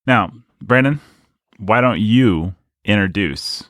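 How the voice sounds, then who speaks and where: A man's voice: lowish voice, expressive, takes it slowly, a bit bright, no room sound, clean studio sound. A man hosting a podcast in casual comedic chat, joking and rambling, tired from little sleep. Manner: joking, rambling, self-mocking. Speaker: podcast host.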